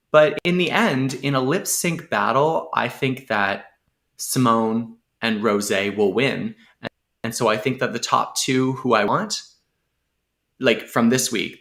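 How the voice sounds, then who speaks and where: Bright-voiced chatty man co-hosting. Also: mid-range voice, vocal fry. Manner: chatty and enthusiastic. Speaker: podcast co-host. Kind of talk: casual chat.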